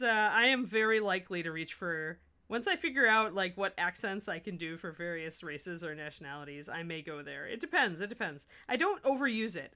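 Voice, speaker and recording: A woman from the American Midwest hosts a painting livestream and chats casually with her viewers. Her voice sits a little low but has a bright, forceful edge. She talks easily while working and often restarts her sentences. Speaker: miniature painting host. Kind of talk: livestream painting tutorial, answering chat.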